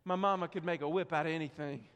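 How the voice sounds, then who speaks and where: A man preaching a sermon, telling a story with dramatic swings from quiet to loud, in a church sanctuary. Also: a little high, steady tone, fast talker, clean tone, muffled recording. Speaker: pastor. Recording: long hall reverb.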